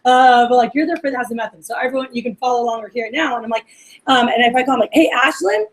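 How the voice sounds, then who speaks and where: A woman's voice: a little high, level tone, rapid-fire, poor audio. A woman running a workplace training session for receptionists, chatting casually and acting out sample phone calls. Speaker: office manager training receptionists.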